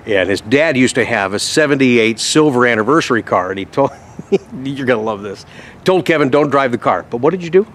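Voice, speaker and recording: A man hosting a car vlog at a dealership, chatting in an enthusiastic, casual way with quick asides. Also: medium pitch, lively intonation, fairly bright tone, slight background noise. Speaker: Corvette salesman and channel host.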